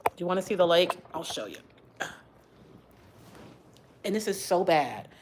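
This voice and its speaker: A woman chatting casually on her livestream, telling a story while doing her hair, with an animated, lively delivery. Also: measured pace, background noise. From Texas area. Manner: animated storyteller, shifts to high voice when quoting shouts. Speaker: livestream host.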